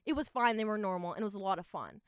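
A young woman in her twenties telling a travel story in a casual, animated way, full of "like" and exasperated asides. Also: mid-range voice, racing, clear, resonant tone, dry recording, clean studio sound.

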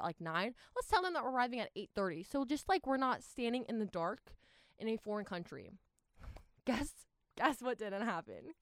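A young woman in her twenties tells a story in an animated, exasperated way, filling her sentences with "like". Her voice sits fairly high and sounds smooth. The sound is close and dry. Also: dry recording. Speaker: vlogger telling a travel story. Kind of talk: casual storytime.

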